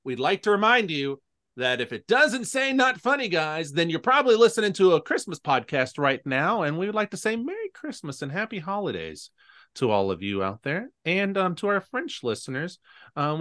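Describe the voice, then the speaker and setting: Loud podcast host, high voice, swings all over, cusses for laughs. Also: male voice, normal speed. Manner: loud, animated, swears for comic effect. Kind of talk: casual podcast banter.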